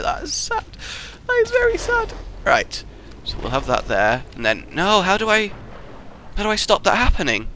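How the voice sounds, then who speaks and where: A young man talks over his gameplay in a bright, forceful voice. His pitch swings widely as he jokes, cheers and yells at his mistakes, in a casual let's play style. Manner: excitable, jokey, yelps and shouts at failures. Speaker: gaming YouTuber.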